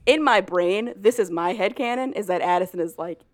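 A woman retells a story in a casual podcast chat, talking loosely and animatedly with lots of "like" and frequent laughs. Her voice is at an ordinary middle pitch, a little fast, and recorded close and dry with no room around it.

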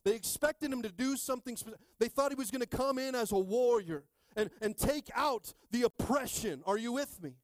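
A man's voice: very high-pitched, normal speed, few pauses, no room sound. Man preaching with call-and-response. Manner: call-and-response preaching, swings from quiet to shouting. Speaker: pastor. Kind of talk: sermon.

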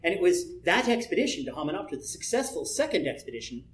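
A man's voice: on the high side, big pitch swings, quick pace. A man giving a conversational workshop talk on building role-play personas, rambling with frequent asides and chuckles. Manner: rambling, chuckling, many "you know" asides. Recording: echoey room.

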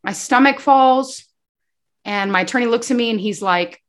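A woman's voice: fairly high pitch, moderate pace. A woman giving an emotional faith testimony as a guest, telling her story with animation and acting out the dialogue. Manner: animated storyteller who acts out dialogue and often addresses the host.

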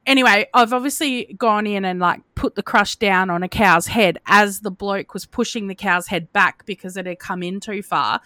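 Animated Australian woman telling stories. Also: mid-range voice, normal speed, hardly any pauses, dry recording. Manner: animated, laughing as she tells stories. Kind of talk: casual storytelling chat.

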